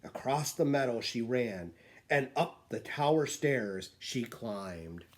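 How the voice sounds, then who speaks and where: A man with a mid-range voice reads a children's picture book aloud, telling it expressively at a slow pace. There's slight background noise.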